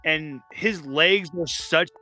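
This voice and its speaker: A man running a tabletop game, narrating in a bright, forceful voice that sits a little high. He talks playfully and laughs often, with faint music in the background. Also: slow. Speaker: game master.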